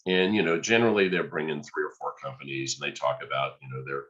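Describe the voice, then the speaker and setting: Deep-voiced guy on a podcast, telling a story and doing the voices, kinda muffled lo-fi sound. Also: fast. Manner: animated storyteller, acts out quoted dialogue. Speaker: podcast guest. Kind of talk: storytelling in conversation.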